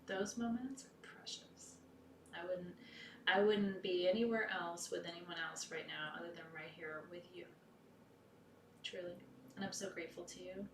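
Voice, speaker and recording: Woman ritual leader, lowish voice, soft and heartfelt, recorded from a distance in an echoey room. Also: fairly even intonation, moderate pace. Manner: soft, heartfelt, intimate, often dropping to a whisper. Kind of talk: leading an online pagan ritual. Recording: echoey room, distant mic, faint noise.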